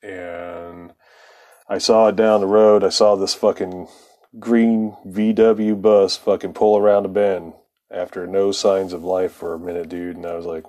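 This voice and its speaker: A man's voice: low-pitched, flat delivery, unhurried, warm tone, low-quality recording. A man telling a story as a podcast host, with loose, rambling, heavily profane casual talk and frequent laughs.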